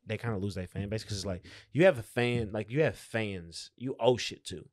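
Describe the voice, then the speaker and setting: A man's voice: on the low side, a little fast, no room sound, studio quality. A man who is a comedian, chatting casually on a podcast, joking, loose and swearing freely. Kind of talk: casual chat.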